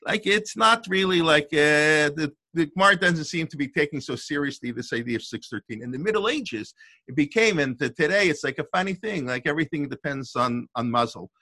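A man's voice: on the high side, animated, brisk, pushed and bright, no echo. An older man giving an informal Torah lesson as a rabbi, thinking aloud in a discursive way with restarts and asides.

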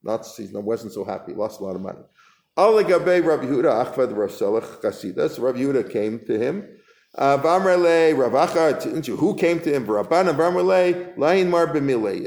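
A man leads a casual Talmud class, moving between the old Aramaic text and chatty English explanations. His voice sits a little high with a gravelly edge, and the room around him echoes. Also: lively intonation, moderate pace, darkish tone. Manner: reads the Aramaic then paraphrases it in loose conversational English. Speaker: Talmud teacher.

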